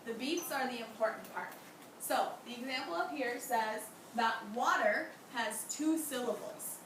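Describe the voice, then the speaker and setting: A woman's voice: on the high side, expressive, a little slow, fairly bright tone. A young woman teaching a class, who encourages her students and asks them many questions. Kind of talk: classroom lesson. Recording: echoey room from far off, background noise.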